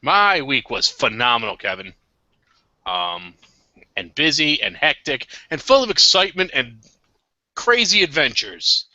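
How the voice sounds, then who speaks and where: A man's voice: medium pitch, sing-song, unhurried, bright, forceful tone, no room sound. A man co-hosting a casual podcast with friends, upbeat and playfully exaggerated. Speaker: co-host. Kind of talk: casual banter among friends. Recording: dull lo-fi podcast audio.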